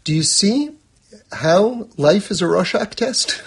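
A man's voice: high-pitched, expressive, takes it slowly, creaky, husky. A man teaching a lesson on a religious text, talking conversationally and using everyday examples.

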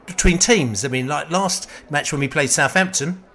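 A man from England hosting a casual fan podcast over a remote call, chatty and quick to laugh at his own stories. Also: on the high side, fairly bright tone. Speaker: podcast host. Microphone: remote call mic.

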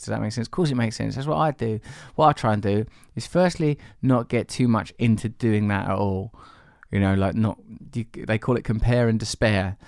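A podcast host rambles playfully as he reads out listener emails and answers them. His low, darkish voice has a gravelly fry, and he talks at a normal speed with hardly any pauses. The sound is close and dry, with no room sound.

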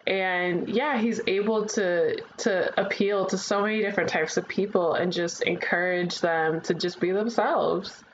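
A woman's voice: on the low side, fairly even intonation, a little slow, few pauses, highs cut off, a little hiss or hum. A woman hosting a podcast, chatting casually and enthusiastically with a guest and laughing often. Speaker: podcast host. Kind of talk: casual interview chat.

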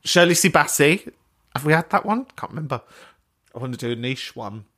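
A London-accented man hosts a podcast in a loose, chatty way. He drifts between tangents and laughs often. His voice sounds bright and forward. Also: a little high, animated, a little fast. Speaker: podcast host. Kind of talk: casual podcast chat.

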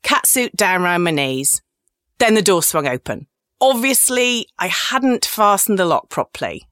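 A woman's voice: mid-range voice, animated, unhurried, fairly bright tone, no echo, studio quality. A woman in her forties, a podcast host, tells comic personal stories in a candid, cheeky, self-mocking way.

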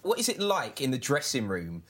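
A man's voice: mid-range voice, wildly swooping pitch, a bit bright. A man co-hosting a podcast who keeps the talk moving with his questions. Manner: quick questioning interviewer. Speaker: podcast co-host. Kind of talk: casual chat.

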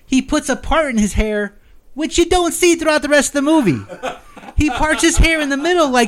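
A man's voice: extremely high pitch, fairly quick, crowd noise. Rambling man retelling a movie. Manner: rambling, laughing, acts out scenes. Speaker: podcast co-host recapping a movie. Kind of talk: casual chat.

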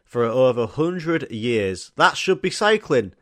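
A man's voice: medium pitch, big pitch swings, measured pace. A young man, telling rambling, sweary, jokey stories on his own podcast. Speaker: podcast host. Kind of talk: casual solo podcast storytelling.

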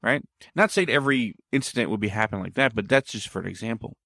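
Low-voiced man telling a rambling story. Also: quick pace, creaky, bright, forceful tone, no room sound, clean studio sound. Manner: meandering, backtracking storyteller. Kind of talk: casual storytelling conversation.

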